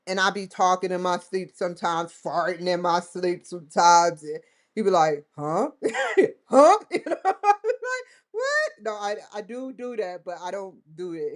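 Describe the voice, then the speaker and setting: Rambling, laughing woman vlogger. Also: on the low side. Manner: rambling, laughs often, acts out dialogue in quotes. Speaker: vlog host. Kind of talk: casual chat to camera.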